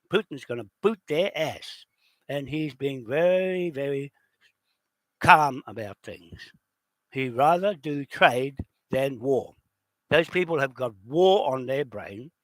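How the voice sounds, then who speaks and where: A man's voice: a little high, a bit bright, no echo. A man with a New Zealand accent delivering an angry, profane monologue straight at his opponents. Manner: heated, profane, addresses opponents directly. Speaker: video channel host.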